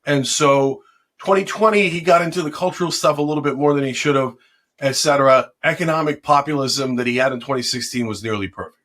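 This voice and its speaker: A man's voice: mid-range voice, fast, fairly bright tone. A middle-aged man speaking passionately and combatively in an interview conversation about politics and a possible run for office.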